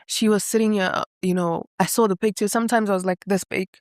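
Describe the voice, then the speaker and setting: A woman's voice: medium pitch, fairly even intonation, fast talker, darkish tone, no echo. Young woman, earnest candid storyteller, dry close recording. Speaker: guest. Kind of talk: emotional interview.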